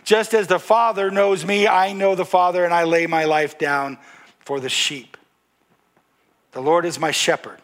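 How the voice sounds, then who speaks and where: A man's voice: sits high, fairly even intonation, unhurried, a bit bright. A man preaching a sermon, reading scripture aloud and asking the congregation to answer back. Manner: engaging, asks the congregation to respond; reads scripture aloud with emphasis. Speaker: pastor.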